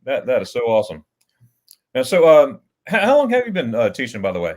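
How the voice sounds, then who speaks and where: A man hosting a casual livestream, talking in a middle pitch. He rambles through stories, restarting his sentences and chuckling as he goes. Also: huge pitch swings, brisk. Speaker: livestream host.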